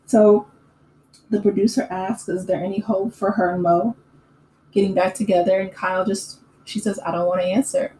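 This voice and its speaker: A woman hosting a casual recap channel, chatting in an opinionated way with lots of fillers and quick laughs. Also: medium pitch, steady tone, mellow. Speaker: YouTube recap host. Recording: echoey room with faint ambient noise.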